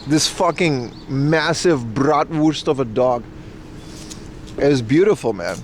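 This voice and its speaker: A man's voice: mid-range voice, expressive, takes it slowly, a little hiss or hum. A man live-streaming on a nature hike, chatting to his viewers in a rambling, laid-back way and swearing freely. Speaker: livestreamer. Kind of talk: casual live-stream chat.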